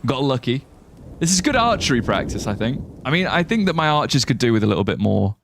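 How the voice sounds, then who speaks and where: A man's voice: mid-range voice, sing-song, fast talker, gravelly, a bit bright, a little hiss or hum. A young man chatting casually while he streams a game, rambling, joking and reading viewer messages aloud. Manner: chatty, rambling, reads chat aloud and jokes. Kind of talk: casual live-stream gameplay commentary.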